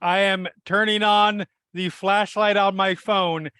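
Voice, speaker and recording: A man's voice: sits high, flat delivery, takes it slowly, sharp tone, clean tone, no echo, studio quality. A man playing a tabletop game, joking and thinking aloud about his moves. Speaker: player.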